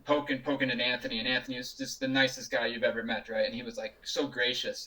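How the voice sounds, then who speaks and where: A man's voice: mid-range voice, little pitch movement, quick pace, few pauses, bright, forceful tone, far from the mic, rough recording. A man being interviewed over a video call, telling stories casually with frequent laughs and restarts. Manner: chatty, laughs often, many restarts. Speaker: juggler and guest.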